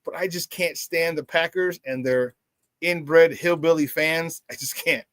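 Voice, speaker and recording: A man's voice: a little high, a little slow, a bit bright, no echo. A middle-aged man hosting a live morning sports talk show, hyped and boisterous, laughing often as he reads out viewer comments.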